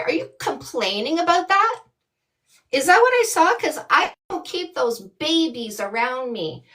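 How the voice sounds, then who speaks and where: High-voiced canadian dating coach lady ranting on a live, blunt, mocking, swears a lot. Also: a bit bright. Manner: scolding, with many rhetorical questions. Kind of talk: livestream rant.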